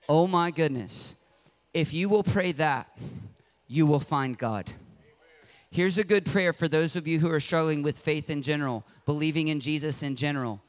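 Brief: high-voiced male pastor, passionate sermon delivery. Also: moderate pace. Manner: passionate, swings between loud and hushed.

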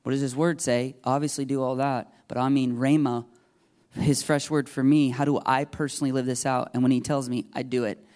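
A man's voice: mid-range voice, little pitch movement, brisk, a little mellow. A middle-aged man preaching a sermon in a conversational, emphatic way, acting out the voices he quotes. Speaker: pastor.

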